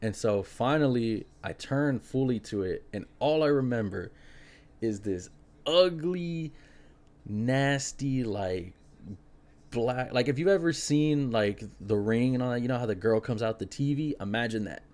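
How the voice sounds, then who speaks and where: A young man hosting a podcast, telling a spooky personal story in an animated, casual way, full of fillers. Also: medium pitch, measured pace. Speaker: podcast host.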